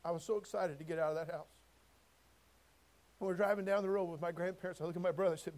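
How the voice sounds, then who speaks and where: A man preaching a sermon, folksy and direct, moving between quiet storytelling and loud shouted passages. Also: sits high, fairly even intonation, fast talker, long pauses. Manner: folksy, addresses listeners as friend and brother.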